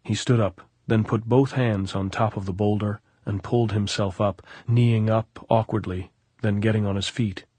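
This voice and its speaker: Low, husky male audiobook narrator. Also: moderate pace, no room sound. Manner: steady, even storytelling. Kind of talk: scripted narration.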